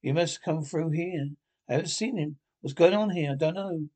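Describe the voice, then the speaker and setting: A man speaking in a 1960s British TV drama with crisp stage diction, theatrical and mocking. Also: fairly high pitch, moderate pace, a little mellow. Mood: commanding. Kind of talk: TV drama dialogue audio.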